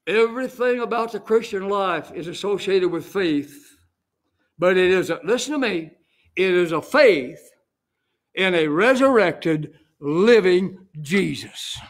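A middle-aged senior pastor preaching an emphatic sermon, building to exclamations and punctuating points with "Amen.". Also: male voice, sits high, animated, measured pace.

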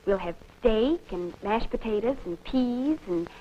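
An actress playing a sweet, eager young newlywed wife in a 1940s film, talking in a gushing, affectionate way. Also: female voice, fairly high pitch, expressive, unhurried. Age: young adult. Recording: dull old film soundtrack, faint hiss.

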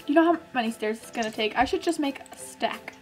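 A woman's voice: high voice, brisk, soft background music. A woman playing a video game and chatting casually, giggly, playful and self-mocking as she builds and talks to a friend. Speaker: gaming YouTuber and server moderator.

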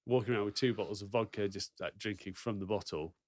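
A man's voice: fairly low pitch, quick pace, no room sound, studio quality. A man in his thirties, a podcast co-host and former rugby player, telling a story casually and laughing at the punchlines. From England.

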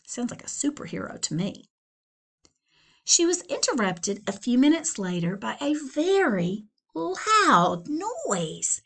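A woman's voice: high-pitched, very animated, takes it slowly, slightly rough. A middle-aged woman, a school librarian, reading a children's novel aloud with chatty asides to young listeners.

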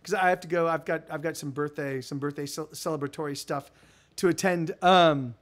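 A man's voice: fairly high pitch, fairly even intonation, fairly quick. A man hosting a casual live stream, telling rambling, profane stories with lots of restarts.

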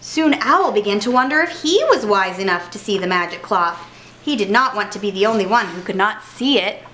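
A woman storyteller reading a children's storybook aloud in an expressive manner. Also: medium pitch, brisk, a little hiss or hum. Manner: animated, expressive.

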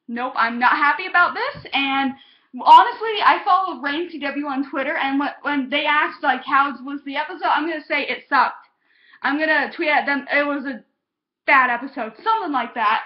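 High-voiced young woman ranting, lo-fi. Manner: heated, exasperated, curses when passionate. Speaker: TV review vlogger. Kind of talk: casual ranting review. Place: home, on a couch. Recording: dull lo-fi home recording.

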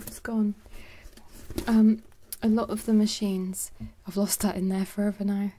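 A woman chatting in a soft, rambling way for ASMR, moving between quiet speech and whispers and making jokes. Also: medium pitch, flat delivery, measured pace, slight background noise. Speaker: ASMR creator.

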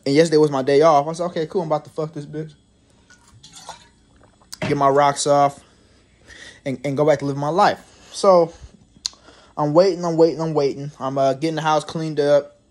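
A young man telling a storytime tale in a casual, profane, rambling way, with frequent restarts and laughter. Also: a little high. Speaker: vlogger.

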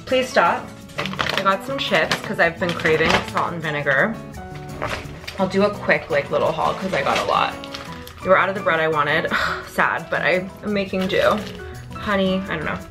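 Talking over music, this young woman speaks at a normal speed in a fairly low voice while vlogging from her home kitchen and indoors. Her lifestyle chat is casual, self-deprecating and heavy on fillers.

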